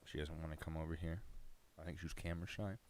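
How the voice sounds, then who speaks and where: A man's voice: rumbling low, steady tone, fast, a little hiss or hum. A man chatting casually on a live stream, rambling and cutting himself off mid-thought. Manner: rambling, self-interrupting, chatty.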